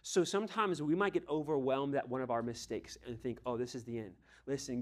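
A man preaching a sermon, emphatic, swinging between loud exhortation and hushed, near-whispered lines. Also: mid-range voice.

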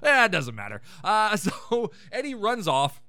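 A man's voice: high voice, wildly swooping pitch, a little slow, bright, forceful tone, no echo. A man hosting a podcast, recapping an episode in a casual, irreverent way and swearing freely. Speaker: podcast host.

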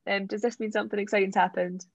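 Excitable Scottish woman with gravelly edge. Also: mid-range voice, fast talker, no room sound, muffled recording. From Scottish Borders. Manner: excitable, laughs often, acts out quotes. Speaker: athlete guest. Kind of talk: animated storytelling interview.

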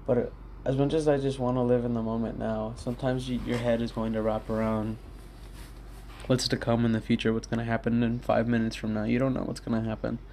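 A man's voice: medium pitch, level tone, fairly quick, creaky, mellow, slight background noise. A young man in his own room, rambling candidly and swearing often in a casual solo talk to his listeners. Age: young adult. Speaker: podcast host.

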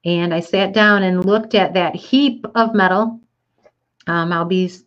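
A woman's voice: lowish voice, lo-fi sound. A woman telling her listeners a personal story in an earnest, reflective way, with frequent fillers. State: getting teary.

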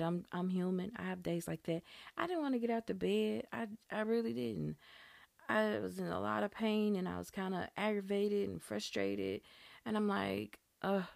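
A woman's voice: fairly low pitch, gravelly, a little mellow, no echo. A woman hosting her own podcast, talking in an earnest, chatty and encouraging way. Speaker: podcast host. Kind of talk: casual solo podcast talk.

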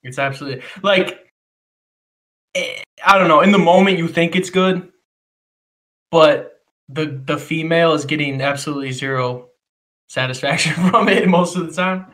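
High, bright young man in joking banter. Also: normal speed, long pauses. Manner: joking, laughing, slangy banter. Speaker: podcast co-host. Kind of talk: casual chat.

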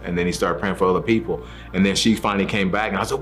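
His voice sits low and his tone stays steady, yet he races through his words. This man gives a heartfelt faith testimony, taking on the voices of the people in it, backed by soft music.

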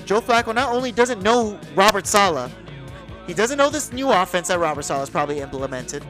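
A man co-hosting a casual sports podcast, arguing picks in an animated way and swearing freely. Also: sits high, brisk, faint music behind, poor audio. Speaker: podcast co-host.

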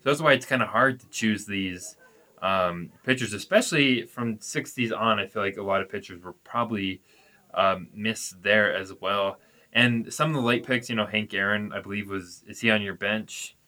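A man co-hosts a sports podcast in an easygoing, rambling style full of fillers. His voice is on the low side yet bright, with a forceful tone and a moderate pace.

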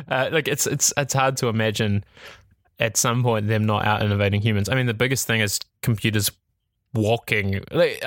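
Laughing, excitable male podcast host. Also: medium pitch, dry recording, clean studio sound. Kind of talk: casual tech podcast chat. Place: indoors. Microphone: large studio microphone.

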